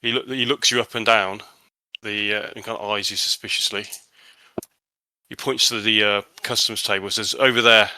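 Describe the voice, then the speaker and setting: A man's voice: fairly low pitch, level tone, normal speed, bright, forceful tone, no echo. A man narrating a tabletop horror game as game master, hesitant and full of restarts.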